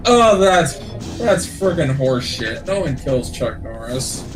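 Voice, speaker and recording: A man's voice: mid-range voice, very animated, unhurried. A man co-hosting a livestream, chatting casually with joking, laid-back banter while playing a game. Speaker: livestream co-host. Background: game music.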